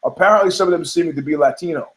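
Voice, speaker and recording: A man's voice: fairly high pitch, rapid-fire. A man hosting a show, giving brash, profane, rambling opinions on fights with many restarts. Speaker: podcast host. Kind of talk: casual opinionated commentary.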